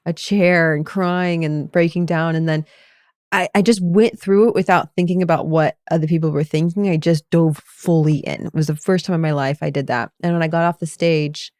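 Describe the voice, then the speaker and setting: A woman's voice: low-pitched, fairly even intonation, moderate pace, a little mellow, no echo, studio quality. A woman co-hosting a podcast as a meditation coach, telling a personal story in a reflective, casual way.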